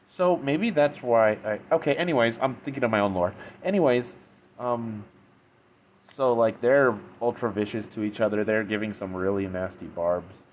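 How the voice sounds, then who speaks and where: Rambling low-voiced man reviewing. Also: normal speed, a little mellow, slight background noise. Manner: rambling, filler-heavy retelling with frequent restarts. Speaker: fanfiction reviewer. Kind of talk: casual spoken review.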